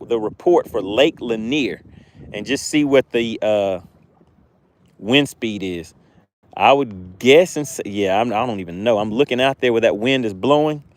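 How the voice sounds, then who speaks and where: Out on a windy lake, an excitable man runs a live fishing stream from his boat. Speaking directly to his viewers at a medium pitch, he repeats his phrases with eager energy.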